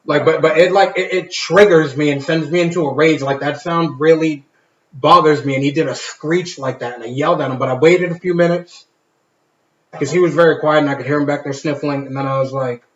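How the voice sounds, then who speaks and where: A man's voice: a little high, steady tone, a little fast. Guy on a podcast telling stories about his kid, cussing a lot, roomy echo, kinda muffled audio. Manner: candid storytelling, lots of swearing and restarts. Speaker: podcast co-host. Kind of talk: casual podcast chat. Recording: echoey room, dull lo-fi sound.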